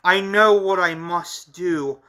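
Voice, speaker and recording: A man voicing a young woman in a manga read-along, in a raised, strained falsetto. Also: fairly even intonation, slow pace, bright, forceful tone, full character voice. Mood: resolute. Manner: high-pitched, screaming in pain. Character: young woman, frightened then resolute.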